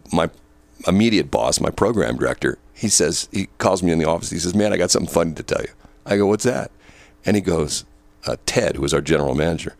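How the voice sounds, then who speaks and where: A man's voice: low voice, no room sound. An older man hosting a radio show, telling stories in boisterous, casual banter from a studio microphone. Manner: storytelling, boisterous, repeats words.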